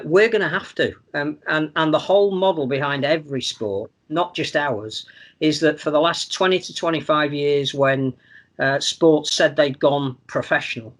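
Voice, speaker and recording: A man giving measured, analytical opinions on a sports podcast, often repeating words as he thinks. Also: on the high side, fairly bright tone. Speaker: podcast pundit. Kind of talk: casual sports podcast chat.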